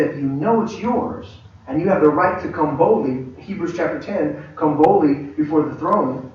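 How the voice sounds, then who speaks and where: A man teaching a church leadership class, an animated storyteller who acts out quoted dialogue and restarts his sentences often. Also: high-pitched. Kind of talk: conversational sermon-style teaching. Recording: echoey hall, distant mic, dull lo-fi.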